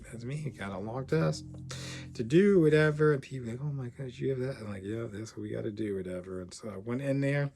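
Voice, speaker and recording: A man's voice: mid-range voice, a little fast, gravelly, husky, faint music behind. A man who coaches premed students, telling his own story to camera in a loose, rambling way, often trailing off with "whatever". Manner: rambling, animated, repeats "whatever".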